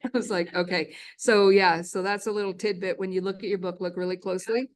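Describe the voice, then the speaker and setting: A woman's voice: mid-range voice, steady tone, a little fast, few pauses. Chatty woman in her sixties telling stories. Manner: chatty, laughs often. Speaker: guest lecturer, former ship's cook. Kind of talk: casual storytelling lecture. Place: lecture hall.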